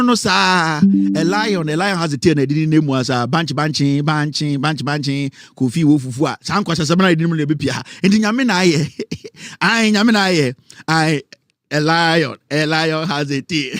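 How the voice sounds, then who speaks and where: Ghanaian man, radio host, higher pitch, dry close sound, animated storytelling. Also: dry recording. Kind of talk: casual radio talk mixing Twi and English.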